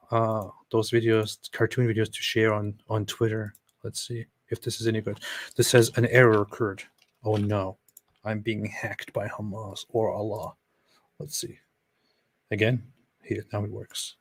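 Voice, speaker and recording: A man's voice: lowish voice, little pitch movement, measured pace, no echo. A man hosting a live stream, reading out chat messages and reacting to clips with sarcastic, chuckling commentary.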